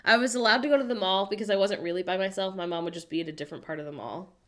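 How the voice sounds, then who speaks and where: An American woman hosting a casual livestream, chatting playfully and reading viewers' messages aloud with animated, self-mocking humor. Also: medium pitch, very fast. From United States. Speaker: livestream host reading chat. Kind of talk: casual chat.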